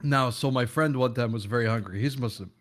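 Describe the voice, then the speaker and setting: A man's voice: medium pitch, a little fast. A man in casual chat, telling a rambling story and laughing often.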